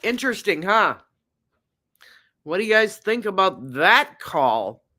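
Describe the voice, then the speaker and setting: A woman's voice: medium pitch, very animated, takes it slowly, pushed and bright. A woman hosting a live-stream recap of a trial, chatting unhurriedly with her viewers. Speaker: true crime livestream host.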